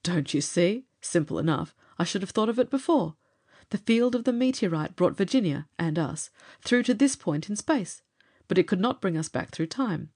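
Woman reading as a calm young male aviator, lowered voice, matter-of-fact, storybook reading. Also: normal speed, slightly rough. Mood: explaining. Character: steady young male pilot and inventor, calm.

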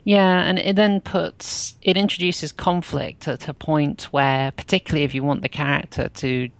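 A woman co-hosting a podcast who speaks in a thoughtful, measured way. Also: low voice, steady tone. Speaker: podcast co-host. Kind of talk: casual chat. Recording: dull lo-fi sound.

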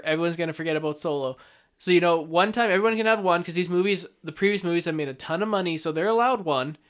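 Casting: man, fairly high voice, relaxed chatty podcast co-host who laughs easily. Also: clear, resonant tone. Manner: laid-back, laughs easily, fond of fillers. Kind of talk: casual chat.

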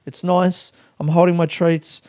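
A man's voice: high voice, level tone, unhurried, a little mellow, no echo, clean studio sound. A young man hosting a casual solo podcast, rambling and self-mocking, swearing often and laughing at himself. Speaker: podcast host.

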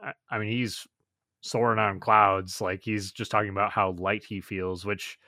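A man co-hosting a podcast, chatting casually about episodes, excitable and swearing freely. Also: on the low side, moderate pace, no room sound, studio quality. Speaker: podcast co-host. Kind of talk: casual episode review chat.

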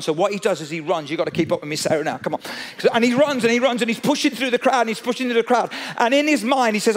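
A man preaching a sermon, telling a story with animated energy and speaking straight to his listeners. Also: very high-pitched, fast talker. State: out of breath.

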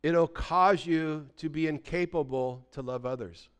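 A man's voice: a little high, a little slow, smooth. A pastor in his sixties preaching a sermon in a conversational storytelling way, often checking in with his listeners.

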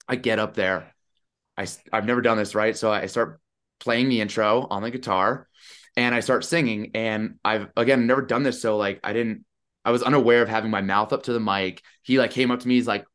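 A man in his thirties, a podcast guest telling a story in a chatty, animated way over a video call. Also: mid-range voice, normal speed. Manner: animated, chatty, lots of "I'm like". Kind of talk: casual storytelling.

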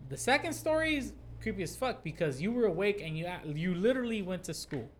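Male podcast host, higher register, casual and profane, animated storyteller. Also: quick pace, a little hiss or hum. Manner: swears freely, animated storytelling. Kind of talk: casual chat, telling a ghost story. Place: his own two-story house.

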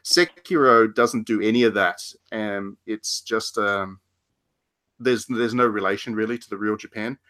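A man co-hosting a podcast, talking loosely about games. His voice has a bright, forward tone. He rambles, restarts sentences and laughs often. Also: fairly low pitch, unhurried. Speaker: podcast co-host. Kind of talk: casual game discussion.

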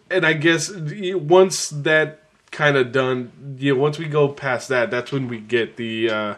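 Give me a relaxed man with a middle-pitched voice casually recapping a movie. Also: slow pace. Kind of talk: casual movie review chat.

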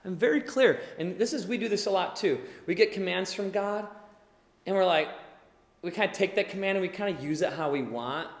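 A male pastor preaching a sermon in an animated way, acting out the people he talks about. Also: high voice, a little fast. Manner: animated, acts out quoted voices. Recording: echoey hall with long reverb.

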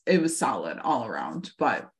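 A woman's voice: extremely low pitch, very animated, moderate pace. A woman co-hosting a podcast, recapping a TV episode in a gushing, chatty way with lots of fillers. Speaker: podcast co-host. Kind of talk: casual chat recapping a TV episode.

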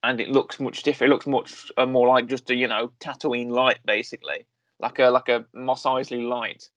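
A man co-hosting a podcast, chatting casually in a rambling way, stopping to correct himself and filling gaps with ums and uhs. His mid-pitched voice sits close to a podcast mic in a dry, dead-sounding room. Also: little pitch movement, moderate pace, a bit bright, no echo. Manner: rambling, self-correcting, full of fillers. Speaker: podcast co-host. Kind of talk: casual chat reviewing a series.

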